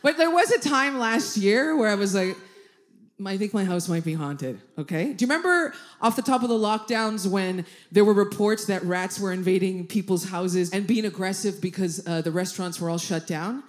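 Speaking at a moderate pace in a medium-pitched voice, a woman comedian delivers a funny story in stand-up fashion. She curses, laughs as she talks, and animatedly impersonates the characters.

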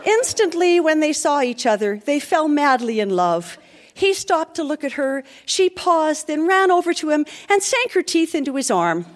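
A woman's voice: high-pitched, big pitch swings, normal speed. A woman hosting a live show, reading a mock fairy tale aloud on a theatre stage in a theatrical, mock-solemn storytelling manner. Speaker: podcast host reading aloud. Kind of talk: live comic dramatic reading.

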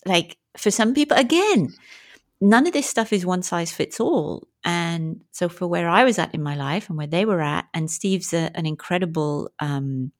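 A woman guest on an interview talks in a candid, lively storytelling style. She jumps into quoted speech with plenty of energy. Her pitch sits slightly below the usual for women. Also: normal speed. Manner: animated and frank, acts out quoted speech. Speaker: guest, movement and breathwork coach.

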